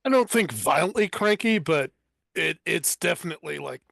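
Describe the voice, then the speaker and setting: A man playing a tabletop game, speaking slowly and hesitantly. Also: fairly high pitch, lively intonation, creaky, a bit bright, no echo, studio quality. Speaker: player. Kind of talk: tabletop role-play chat.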